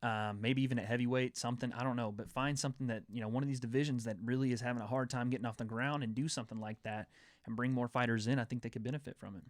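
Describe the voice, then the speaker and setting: A man's voice: medium pitch, steady tone, rapid-fire, no room sound. A young man hosting a casual sports chat show, rambling enthusiastically through fight news. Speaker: host.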